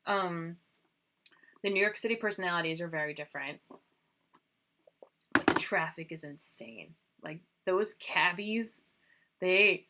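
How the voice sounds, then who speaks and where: A woman's voice: medium pitch, sharp tone. A woman hosting a casual makeup livestream, chatting and rambling with lots of fillers. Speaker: host.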